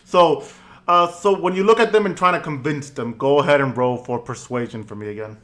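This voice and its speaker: A man's voice: fairly high pitch, fairly quick, a bit bright. A man working as dungeon master of a live tabletop game, talking in a hesitant, stop-start way.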